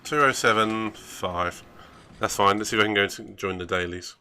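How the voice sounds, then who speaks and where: A man's voice: lowish voice, moderate pace, bright, forceful tone, clean tone. A man chatting casually while streaming a racing game, rambling and grumbling at himself with self-mocking asides.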